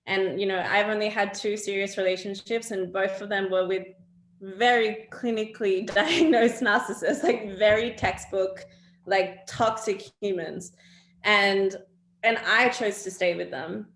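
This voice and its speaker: A woman's voice: medium pitch, reverberant. A young adult woman speaking as an interview guest, talking earnestly and reflectively about her own life. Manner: earnest, reflective, quick to laugh. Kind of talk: candid personal talk.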